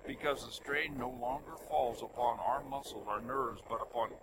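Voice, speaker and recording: An older man preaching a sermon, telling stories in an animated way that swings between loud emphasis and soft asides. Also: mid-range voice, moderate pace, heavy background noise.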